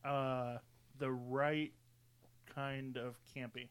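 A man's voice: mid-range voice, flat delivery, very slow, clean tone, dry recording. A man co-hosting a casual movie podcast, laid-back and dry, with plenty of fillers. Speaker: podcast co-host. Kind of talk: casual movie review chat.

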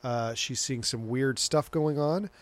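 A man in the host's chair, talking through a film's plot in an easy, rambling way. He drops swear words freely and often breaks into laughter. His voice sits at a middle pitch. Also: a little slow. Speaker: podcast host recapping a movie. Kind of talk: casual chat.

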